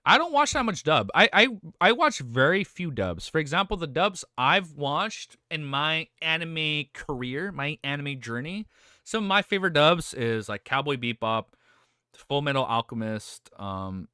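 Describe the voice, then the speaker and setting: A male streamer chatting excitedly and casually during a live reaction stream, swearing now and then. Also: a little high, unhurried, clean tone, no room sound, clean studio sound.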